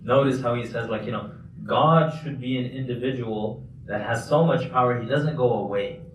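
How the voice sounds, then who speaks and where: Man, mufti's lesson, relaxed explaining, roomy hall echo, mic set back from him. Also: medium pitch, moderate pace. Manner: conversational and explanatory, with filler restarts. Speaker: mufti teaching a class. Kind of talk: casual Quran lesson. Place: large mosque hall. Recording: echoey hall, distant mic, faint noise.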